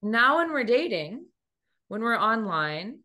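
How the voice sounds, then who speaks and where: A woman giving a motivational talk on dating as a coach, telling stories lively and acting out quoted speech in changing voices. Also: a little high, slow. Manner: animated storytelling, acts out quoted speech.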